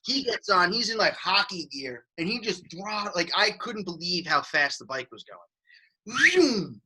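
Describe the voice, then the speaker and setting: A man co-hosting a podcast in casual chat, rambling and excitable and swearing casually. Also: sits high, unhurried, breathy edge, low-quality recording. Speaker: podcast co-host. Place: studio.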